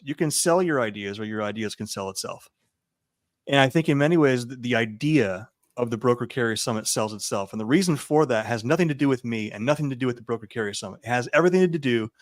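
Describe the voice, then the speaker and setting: A man as a podcast guest, explaining his points in a deliberate, emphatic way. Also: medium pitch, dry recording, clean studio sound. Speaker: podcast guest, event founder. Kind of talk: casual interview chat.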